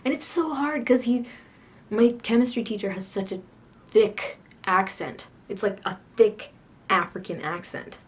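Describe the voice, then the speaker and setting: A teenage girl chatting straight to her camera in a casual video blog. She rants with a sassy, self-mocking edge and rambles from one complaint to the next. Her voice sits at an ordinary middle pitch for a young woman. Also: measured pace. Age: teens. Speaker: video blogger.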